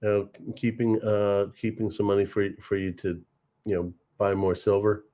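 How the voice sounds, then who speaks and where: A man's voice: fairly low pitch, level tone, moderate pace, dark tone. A man hosting a livestream, chatting easily, agreeing with his guest and reading out viewer comments. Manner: easygoing and agreeable, reads out chat comments. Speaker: livestream host. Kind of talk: casual livestream chat.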